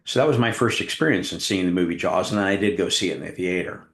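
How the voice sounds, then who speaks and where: A middle-aged man from Arizona giving a workshop talk, telling a story with animated, acted-out scenes. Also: sits low, fast. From Tucson, Arizona. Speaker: workshop presenter, hypnotist coach. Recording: roomy echo.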